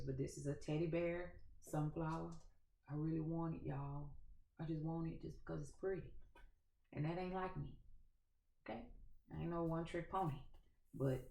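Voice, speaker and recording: Gravelly woman with a thick Louisiana accent. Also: low voice, a little mellow. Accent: Louisiana Southern. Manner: chatty, folksy, addresses viewers as y'all. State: dry, scratchy throat. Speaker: gardening channel host. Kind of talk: casual chat to camera. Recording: echoey room.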